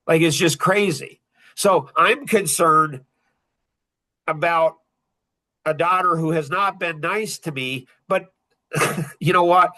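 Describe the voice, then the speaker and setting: A man's voice: fairly high pitch, sharp tone. A middle-aged man hosting a podcast in casual talk, blunt and rambling, often repeating himself. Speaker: podcast host.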